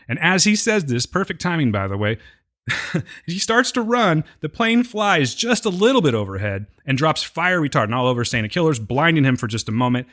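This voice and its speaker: A man's voice: medium pitch, big pitch swings, normal speed, a bit bright. A man co-hosting a podcast who casually retells TV scenes, joking as he goes. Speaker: podcast co-host. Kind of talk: casual recap chat.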